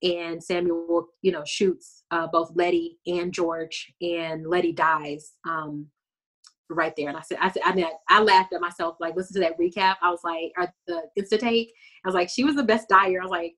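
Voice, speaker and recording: A woman's voice: on the low side, normal speed. A woman co-hosting a casual chat, recapping a TV episode and acting out lines from it. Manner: animated storytelling, acts out characters' lines. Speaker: podcast co-host.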